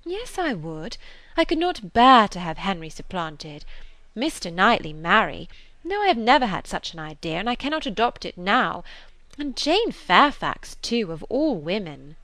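A woman reading as a lively, headstrong young woman who talks emphatically and exclaims often. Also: mid-range voice, normal speed, no echo. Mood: indignant. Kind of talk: audiobook character reading.

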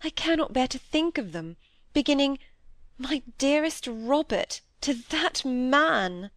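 Young woman pouring out a regretful confession, read by a woman; higher voice, close dry sound. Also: lively intonation, slow, a bit bright, no echo, heavily acted. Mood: confiding. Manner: earnest, regretful, rising to indignation. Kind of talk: audiobook reading of dialogue.

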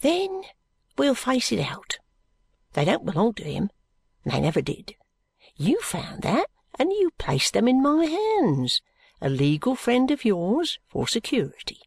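A woman reading aloud and voicing an anxious young male law clerk who talks in a nervy, hushed, conspiratorial way. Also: on the high side, wildly swooping pitch, unhurried, creaky, husky, no room sound, pitched above the performer's own voice, full character voice. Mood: whispered scheming.

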